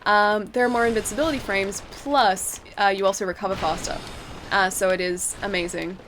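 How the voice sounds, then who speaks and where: A woman's voice: medium pitch, steady tone, fairly quick, a bit bright, slight background noise. A young woman streaming a video game, chatting casually with her viewers, reading their messages aloud and laughing often. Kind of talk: casual live-stream commentary while playing.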